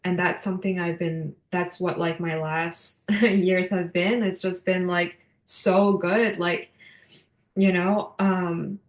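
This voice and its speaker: A woman's voice: on the low side, little pitch movement, takes it slowly, reverberant. A woman in her thirties speaking as a podcast guest, heartfelt and emotional, with many fillers and restarts. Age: 30s. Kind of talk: casual heartfelt interview talk.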